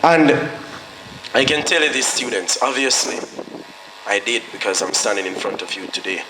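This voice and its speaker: At a school graduation, a guest speaker with a Jamaican accent delivers a motivational speech in a fairly low, expressive male voice at normal speed. He recounts his story earnestly, shifting into patois whenever he quotes himself. The hall echoes, with faint noise in the background.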